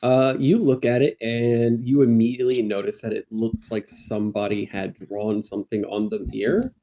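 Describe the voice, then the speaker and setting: A man running a tabletop game as dungeon master, calmly describing scenes and calling for dice checks. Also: mid-range voice, normal speed, a little hiss or hum.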